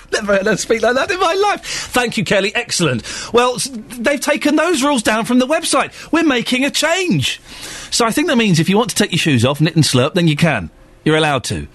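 Male radio host, teasing and playful, lively up-and-down voice, studio mic. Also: on the high side, dry recording. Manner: jokey, teasing, laughs often. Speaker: radio presenter. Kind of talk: breakfast radio chat. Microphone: studio microphone with headphones.

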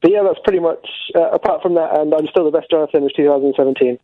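A man's voice: on the high side, very fast, crowd noise. A man phoning in to a radio show, hesitant and fretful, with lots of ums. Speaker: radio caller. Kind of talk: casual phone-in chat. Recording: tinny phone line.

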